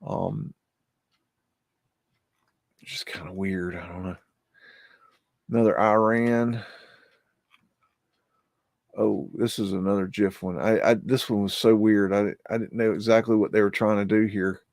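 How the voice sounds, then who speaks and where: A man's voice: fairly low pitch, fairly even intonation, a little slow, pauses often, a little mellow, no room sound, studio quality. A man hosting a live show, talking through archive photos in a hesitant, rambling way, often muttering exclamations and swearing when something spooks him. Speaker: livestream host.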